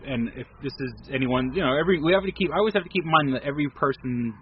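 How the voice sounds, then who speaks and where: Fast-talking man, casual podcast co-host. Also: mid-range voice, lively intonation. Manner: rambling, joking, plugs the show. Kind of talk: casual chat. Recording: dull lo-fi podcast audio with faint hiss.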